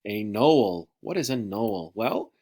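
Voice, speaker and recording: Male teacher, low voice with lively pitch, teasing offhand vocabulary lesson. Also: slow. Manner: joking, teasing, loose and offhand.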